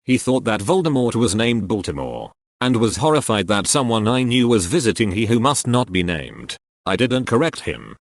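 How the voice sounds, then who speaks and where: A man reading short anecdotes aloud in a steady, matter-of-fact way. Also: mid-range voice, normal speed, few pauses, no room sound, clean studio sound. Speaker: narrator reading online posts.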